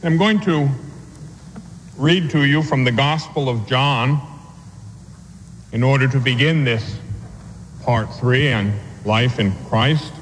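Slow, deliberate preaching man in a reverberant room. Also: medium pitch, a little hiss or hum. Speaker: priest teaching the catechism. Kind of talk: radio sermon and catechism teaching.

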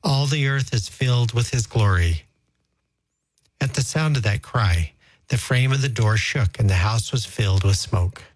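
A man reading scripture aloud in a slow, solemn, measured liturgical style. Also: mid-range voice, lively intonation, dry recording, poor audio. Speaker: scripture reader.

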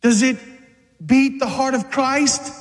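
A man preaching an impassioned sermon to men, dramatic and forceful, sometimes acting out voices. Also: very high voice, fairly even intonation, takes it slowly. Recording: long hall reverb.

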